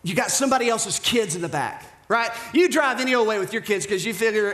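Male pastor, high voice, lively sermon delivery with whispers and shouts, roomy hall sound. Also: fast, hardly any pauses, slight background noise. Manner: animated preaching, shifts from hushed whispers to shouted emphasis.

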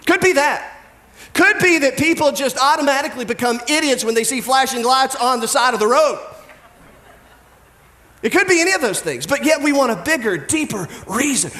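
A pastor with a fairly high male voice preaches a sermon in a relaxed, conversational way, humorous and direct. He slips into quick impressions of the people in his stories, and the sound is reverberant.

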